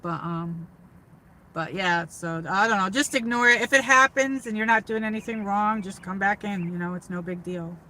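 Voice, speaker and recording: A woman's voice: medium pitch, moderate pace, bright, forceful tone, poor audio. A woman from upstate New York chatting casually to her livestream viewers from her car, rambling with lots of fillers and restarts. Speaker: livestream host.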